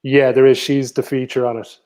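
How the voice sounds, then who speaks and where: A man's voice: mid-range voice, level tone, brisk, mellow. A man co-hosting a quiz over a video call, giving hints and explaining the answers. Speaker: quiz co-host.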